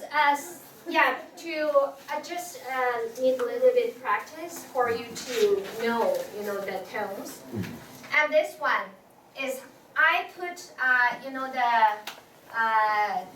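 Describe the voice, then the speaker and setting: During a lesson in an echoey classroom, a woman with a high voice teaches Chinese, patiently going over tones again for students and using many filler words. The mic sits far off, picking up faint noise.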